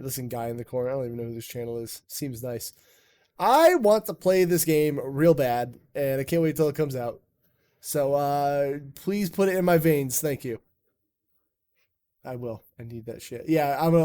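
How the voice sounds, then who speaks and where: A man's voice: medium pitch, lively intonation, normal speed, mellow. A man hosting a live stream chat in a rambling, jokey way, swearing often. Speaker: streamer and podcast host. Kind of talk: casual chat.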